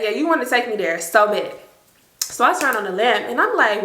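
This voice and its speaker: A young woman, telling an animated, slangy storytime to her viewers. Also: on the high side, brisk, reverberant. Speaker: storytime vlogger. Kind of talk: casual storytime.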